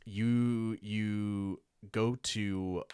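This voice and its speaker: A man co-hosting a podcast in relaxed, chatty conversation. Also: fairly low pitch, very slow, smooth, dry recording. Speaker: podcast co-host. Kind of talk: casual chat.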